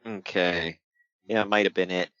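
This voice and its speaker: A man chatting casually on a podcast about wrestling, laughing often and acting out quotes in a high voice. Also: fairly even intonation, normal speed, bright, forceful tone, no room sound, muffled recording. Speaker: podcast host.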